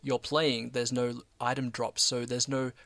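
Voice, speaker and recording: A man's voice: medium pitch, flat delivery, a little slow, fairly bright tone, no echo. A man co-hosting a radio podcast in a studio, describing a game plainly with a few ums. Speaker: podcast co-host. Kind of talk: casual game review chat.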